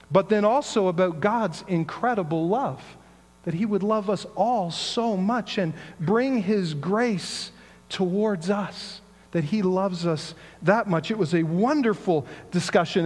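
A man's voice: high voice, in a large hall. A man giving a sermon in a conversational storytelling way, asking rhetorical questions. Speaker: pastor.

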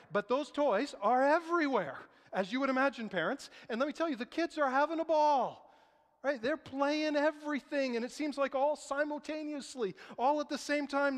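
A high-voiced man preaching to a church congregation, his voice ringing with long reverb in a big hall. He tells stories with animated delivery and acts out the lines of the people he quotes. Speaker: pastor. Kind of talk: sermon.

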